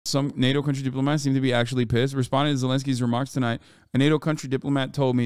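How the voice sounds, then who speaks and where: A man streaming live, reacting to news with profane, animated commentary and talking back to his chat. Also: mid-range voice, clear, resonant tone, dry recording, clean studio sound. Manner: reads quotes aloud quickly.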